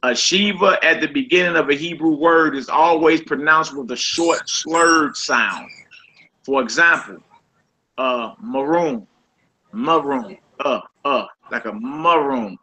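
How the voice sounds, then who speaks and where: A man teaching a casual group Hebrew lesson over a voice call, quizzing his students in a relaxed, conversational way. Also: fairly high pitch, a little slow, breathy edge, poor audio.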